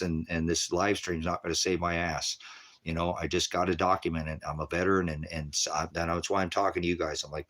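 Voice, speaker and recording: A middle-aged veteran talks viewers through his own footage in a low, heavy voice. His speech is profane and rambling, and it comes in intense bursts of commentary. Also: a bit bright. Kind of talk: emotional video commentary.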